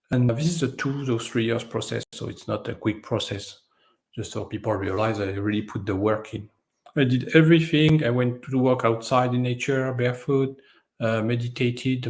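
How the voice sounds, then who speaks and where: A man whose first language is French, a guest in an interview, telling stories in a lively way and acting out the voices of people in them. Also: medium pitch, vocal fry. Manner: animated storyteller, acts out voices in his stories. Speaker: guest, energy healer. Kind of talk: storytelling in an interview.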